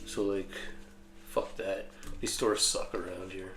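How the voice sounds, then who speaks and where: A man's voice: low voice, flat delivery, slow, heavy background noise. A man in casual chat, making blunt, profane, muttered remarks as the vlog host. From Canada. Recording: echoey room.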